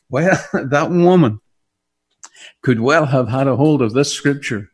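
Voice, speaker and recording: A man's voice: medium pitch, lively intonation, unhurried, breathy edge. Emphatic Northern Irish preacher man. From Northern Ireland. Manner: emphatic and heartfelt, rising and falling. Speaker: pastor. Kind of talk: preaching a radio sermon.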